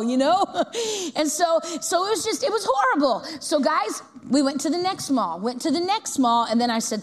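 A middle-aged woman preacher telling a long, lively story in a church and asking the congregation questions. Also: high-pitched, normal speed, long reverb tail. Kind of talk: storytelling sermon.

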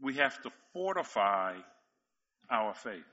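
A man's voice: medium pitch, big pitch swings, takes it slowly, sharp tone, muffled recording. A male pastor preaching a sermon, telling stories with emphatic repetition and frequent chuckles. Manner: storytelling, emphatic, chuckles often.

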